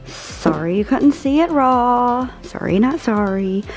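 A woman's voice: on the high side, animated, takes it slowly, soft background music. A woman in her forties chatting through a grocery haul in an upbeat, rambling way. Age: 40s. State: out of breath. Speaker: vlogger.

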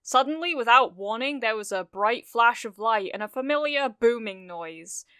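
A woman reading a fan fiction story aloud in steady, measured narration on a close microphone. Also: fairly high pitch, clean tone, no echo. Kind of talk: scripted narration.

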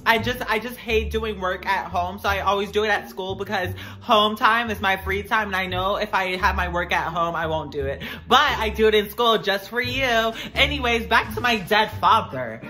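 A woman's voice: medium pitch, normal speed, hardly any pauses, pushed and bright, close to an everyday voice. A woman playing a sassy, dramatic teenage schoolgirl in a comedy skit, full of "like". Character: sassy dramatic teen girl student.

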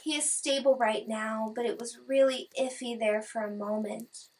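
A woman voicing a worried middle-aged mother who speaks quietly and guardedly. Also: a little high, fairly even intonation, normal speed, recorded from a distance, natural voice.

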